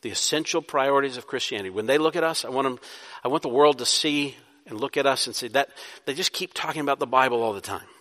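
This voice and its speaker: A pastor delivers a sermon in a church sanctuary, his medium-pitched voice moving quickly with a slightly bright tone. He poses rhetorical questions and builds toward emphatic bursts. A long hall reverb trails his words.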